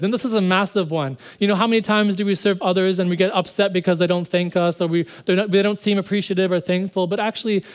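A man preaching a sermon in an earnest way, repeating phrases for emphasis and now and then speeding up. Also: high-pitched. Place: church service.

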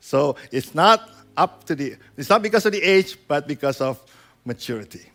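A man's voice: on the high side, lively intonation, normal speed, fairly bright tone. A man preaching a sermon in a conversational way, checking in with "right?" and acting out quoted voices. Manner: conversational preaching with frequent "right?" and "you know". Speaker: pastor.

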